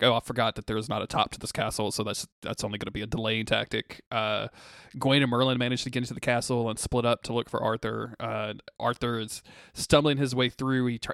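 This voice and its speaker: A man with a gravelly, fry-edged voice recaps a TV episode in loose podcast chat. He keeps laughing and slipping into quick mock quotes of the characters. The sound is dry and close. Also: medium pitch, a bit bright, no echo.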